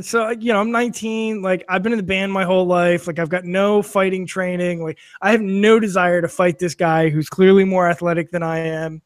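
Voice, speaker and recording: A man's voice: high voice, fairly even intonation, brisk, hardly any pauses, no room sound, clean studio sound. A man telling a long anecdote on a casual podcast, with lots of fillers, restarts and swearing, laughing as he goes. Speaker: podcast guest or co-host. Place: studio filmed for video.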